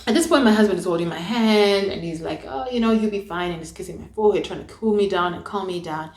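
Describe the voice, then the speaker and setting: A young woman vlogger in her own room, speaking at an ordinary mid pitch as she tells her story to camera. She is animated and acts out the lines of everyone involved, swinging from hushed to loud. The room is bare and echoey. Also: fast talker.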